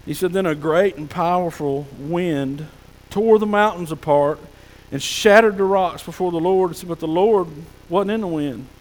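A male pastor preaching a folksy sermon, sometimes dropping to a soft hush. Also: sits high, normal speed, hardly any pauses, long reverb tail, rough recording. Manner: folksy preaching, drops to soft hushed tones for God's whispers. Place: church sanctuary.

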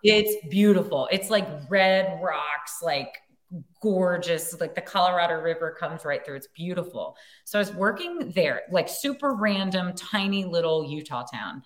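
A woman actor as a podcast guest, telling a story in an animated, giggly way with lots of filler words. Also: on the low side, a little slow. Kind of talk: casual storytelling chat.

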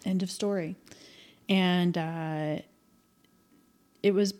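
A woman's voice: fairly low pitch, steady tone, very slow, a little mellow. Thoughtful woman telling stories hesitantly. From American Midwest. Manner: thoughtful, hesitant with many fillers. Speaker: podcast guest. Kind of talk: casual storytelling interview.

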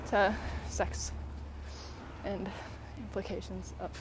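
A woman talking casually to her viewers while walking outdoors, out of breath and breathy, rambling with lots of fillers and little laughs. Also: medium pitch, level tone, slow pace, noisy background. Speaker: vlogger. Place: outdoors on a walk, birds about.

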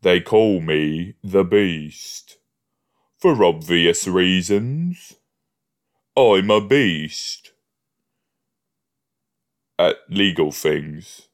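A man putting on a pompous, drawn-out, odd-accented voice. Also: low-pitched, sing-song, a little mellow. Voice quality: drawn-out, theatrical delivery.

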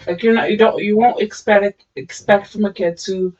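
A woman's voice: medium pitch, steady tone, moderate pace, darkish tone. A woman co-hosting a casual podcast, an amused storyteller who laughs often. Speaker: podcast co-host. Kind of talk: casual chat. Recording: muffled, distant, lo-fi mic.

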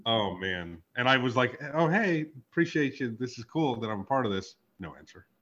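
A man in casual podcast chat spins a profane story, acting out each back-and-forth in different voices. His pitch sits in the middle. The audio is muffled and lo-fi. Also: animated, moderate pace, fairly bright tone. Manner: profane, storytelling with reenacted dialogue. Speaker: podcast host.

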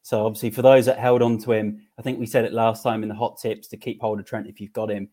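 A man's voice: lowish voice, level tone, quick pace, warm tone. A man co-hosting a fantasy football podcast, giving matter-of-fact tips with hesitant starts. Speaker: podcast co-host.

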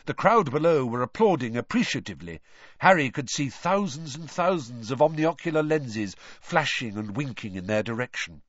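A man reading a storybook aloud in an animated, expressive narration. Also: medium pitch, normal speed, no echo, muffled recording. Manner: animated, shifts voice for characters. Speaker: audiobook narrator.

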